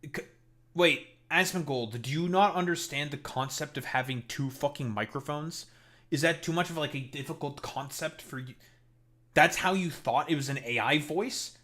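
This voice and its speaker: A man's voice: a little high, moderate pace, fairly bright tone. Man, streamer host, reaction commentary, cursing, exasperated ranting.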